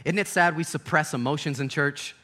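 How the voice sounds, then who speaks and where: A young man preaching an animated sermon, swinging from hushed to loud and laughing often. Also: on the high side, a little fast.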